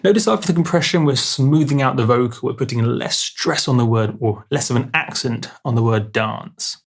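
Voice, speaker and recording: Husky chatty man teaching music production. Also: mid-range voice, normal speed. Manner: chatty, self-interrupting, jokey asides. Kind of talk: casual video tutorial.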